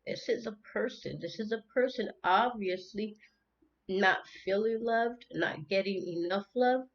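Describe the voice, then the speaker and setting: A woman with a medium-pitched voice speaks at a measured pace, and the audio sounds dull. She hosts a spiritual tarot channel and delivers an unscripted monologue with earnest emotion, often repeating words, restarting, and sometimes becoming tearful.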